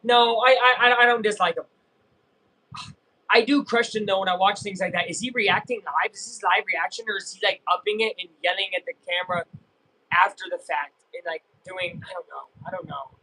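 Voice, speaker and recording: A young man casually chatting and reacting while streaming a live baseball game, rambling and breaking into excited yells. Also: high-pitched, fairly quick, poor audio. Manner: rambling, self-interrupting, bursts of excited yelling. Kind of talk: casual live game watch-along chat.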